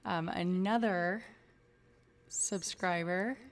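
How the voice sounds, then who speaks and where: A woman's voice: on the low side, very slow, far from the mic, soft background music. A woman hosting a casual livestream, greeting viewers by name and chatting loosely. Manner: chatty, reads out viewer names. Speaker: livestream host.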